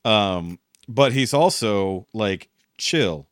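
A man's voice: fairly low pitch, very slow, clean tone, no room sound, clean studio sound. A young man, co-hosting a podcast and telling a story in casual, profane chat, acting out the voices he quotes. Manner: animated storyteller, swears freely, acts out quotes. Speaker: podcast co-host.

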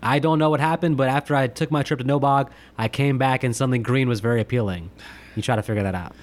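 A man's voice: mid-range voice, quick pace. A man co-hosting a podcast, chatting about movies in a teasing, playful way with silly bits. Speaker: podcast co-host. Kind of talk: casual movie chat.

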